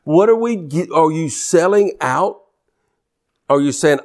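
A preacher man delivers his sermon in a slightly raised voice, pressing questions on his congregation and reciting scripture in a steady, rolling cadence. He calls out to his listeners to keep following along. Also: high voice, measured pace.

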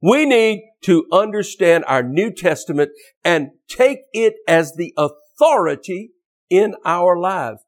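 Man, preacher, fiery sermon, emphatic, slightly raised pitch, quick restarts. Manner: fervent and emphatic, with rapid restarts and repetitions.

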